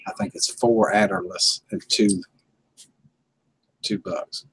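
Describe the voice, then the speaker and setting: A man's voice: fairly low pitch, steady tone, slow, a bit bright, a little hiss or hum, low-quality recording. A man hosting a casual livestream, chuckling and telling laid-back stories to viewers. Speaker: livestream host.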